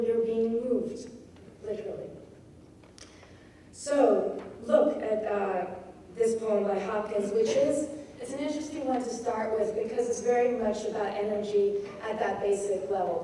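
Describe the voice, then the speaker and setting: A woman giving an informal talk on poetry, thoughtful and pausing to search for her words. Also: mid-range voice, warm tone. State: feeling cold. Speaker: poetry teacher. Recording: distant mic in a very echoey room with faint noise.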